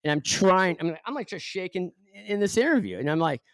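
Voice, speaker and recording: A man's voice: high-pitched, very animated, brisk, no room sound, studio quality. A middle-aged man from Southern California with a Southern Californian accent, a podcast guest telling a self-deprecating story with lots of fillers. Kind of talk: storytelling in a casual interview.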